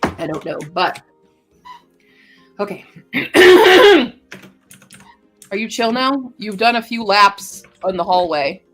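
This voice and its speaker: A woman's voice: mid-range voice, big pitch swings, takes it slowly, long pauses, fairly bright tone, soft background music. A woman chatting casually on a writing livestream at home, gushing and giggly. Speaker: writing streamer.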